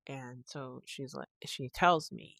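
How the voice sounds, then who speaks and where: This podcast host speaks slowly in a bass voice with vocal fry and a slightly bright tone, recorded with no room sound. Talking casually alone, she rambles through a long story, keeps restarting her sentences and recounts phone calls.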